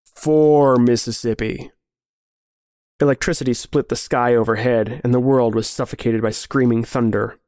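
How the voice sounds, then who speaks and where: A man narrating a grim story in a measured, serious way. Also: mid-range voice, steady tone, darkish tone, dry recording, clean studio sound. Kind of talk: scripted horror story narration.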